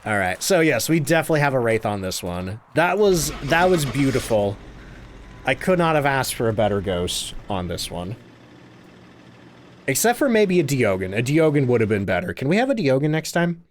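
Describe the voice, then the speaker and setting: A man streaming a game live, chatty and excitable as he thanks viewers and explains his play. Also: mid-range voice, normal speed, long pauses, a little hiss or hum. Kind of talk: live gameplay commentary.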